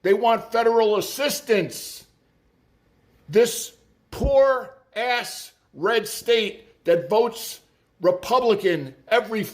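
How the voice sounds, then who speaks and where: A man's voice: high voice, a bit bright. A man giving profane political commentary in a sarcastic, mocking way. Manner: sarcastic and mocking, swears freely.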